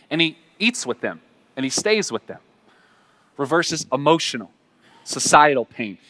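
A male pastor delivering a sermon, swinging from loud, rising emphasis to hushed, slow passages when reading scripture. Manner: dynamic preaching, rising loud for emphasis then dropping low and quiet.

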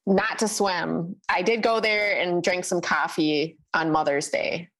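A woman co-hosting a podcast in casual chat, talking in an animated, chatty way with frequent fillers. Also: fairly low pitch, measured pace. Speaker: podcast co-host.

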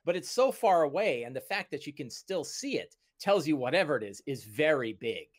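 A man narrating a tabletop game as game master, relaxed and descriptive, with many fillers. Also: a little high, brisk, dry recording.

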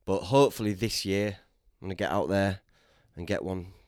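A man's voice: low-pitched, normal speed, darkish tone, no echo, studio quality. A man from Britain hosting a podcast, chatting casually and bantering, often saying "mate". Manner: laid-back banter, says "mate" often. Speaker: podcast host. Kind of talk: casual chat.

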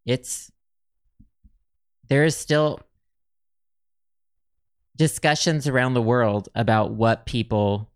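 Male podcast host, casual and rambling, smooth voice. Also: medium pitch, takes it slowly, long pauses, no echo, studio quality. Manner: chatty, rambling, reads facts aloud with many ums. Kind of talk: casual chat.

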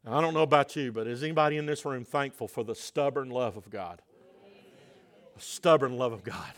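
A man preaching a sermon as pastor in a church, swinging between shouted passages and hushed, quiet asides. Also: medium pitch, moderate pace. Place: church sanctuary.

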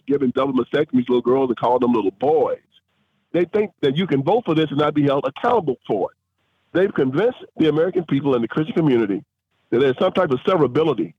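A husky male voice comes through a narrow, tinny phone line with no room sound at all. He builds emphatically, climbing in pitch as he presses his points. Between these surges come halting fillers. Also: no room sound. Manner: emphatic, rising into preacher-like force. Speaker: guest, author and filmmaker. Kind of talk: interview over a phone line.

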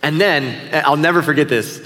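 Middle-aged male pastor, slightly high voice, relaxed storytelling sermon, long hall reverb. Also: moderate pace. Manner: storytelling, conversational and self-deprecating.

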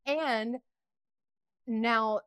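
Animated middle-aged woman opening up. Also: a little high, extremely slow, smooth, no echo. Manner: animated and emotional, with frequent restarts and laughter. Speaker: guest. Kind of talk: candid personal interview talk.

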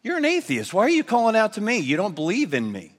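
A man's voice: high voice, wildly swooping pitch, fast talker, in a large hall, voice pushed up, heavily acted. A man putting on God's voice from heaven. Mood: stern. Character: booming voice of God speaking from heaven.

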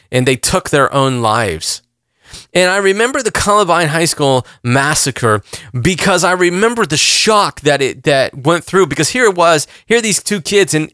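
A man in his forties preaches with earnest intensity, circling back on phrases and pressing his questions. His voice sits a little high and rings with a tense, forceful brightness. The sound is dry and close. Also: dry recording. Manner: earnest, repeats himself, rising emphasis on questions. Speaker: pastor. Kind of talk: impassioned sermon.

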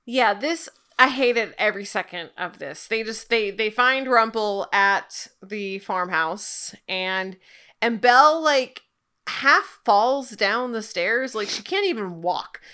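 A woman's voice: mid-range voice, expressive, takes it slowly, bright, forceful tone, smooth. A woman co-hosting a casual TV recap chat, wry and critical. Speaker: podcast co-host.

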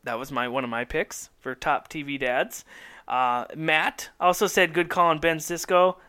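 Bright, excitable man rambling on a podcast. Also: fairly high pitch, normal speed, clear, resonant tone. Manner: excitable, rambling, laughs often. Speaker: podcast co-host. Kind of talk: casual chat.

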